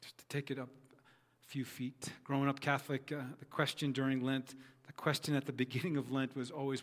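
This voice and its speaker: A man's voice: medium pitch, level tone, brisk, a bit bright, in a large hall. A man preaching a sermon as pastor, telling a story with earnest, repeated phrases.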